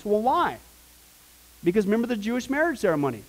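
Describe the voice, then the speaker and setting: A man with a high voice leads a Bible class. He talks casually and rambles, with joking asides, then breaks into loud preaching. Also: sing-song, fast talker, low-quality recording. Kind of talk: informal Bible teaching.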